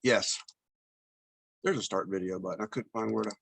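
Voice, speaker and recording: A man's voice: fairly low pitch, moderate pace, vocal fry, fairly bright tone, dry recording. A man speaking on a video call with his camera off, modest and plainspoken, telling how it went. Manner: modest, plainspoken, laughs easily. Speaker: caller, business owner. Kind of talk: casual Zoom group chat. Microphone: video call, audio only.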